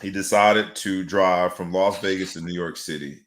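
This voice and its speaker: A man's voice: sits low, fairly even intonation, moderate pace, fairly bright tone. A man hosting a sports talk show, theatrical and rhyming with big swings in emphasis. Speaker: host. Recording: echoey room.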